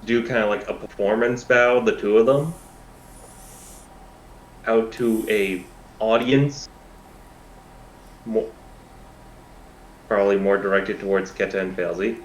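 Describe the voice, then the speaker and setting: A man playing in a tabletop game, slowly and hesitantly describing what his character does. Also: on the low side, steady tone, roomy sound, a little hiss or hum, low-quality recording. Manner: slow, hesitant, thinking aloud. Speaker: player.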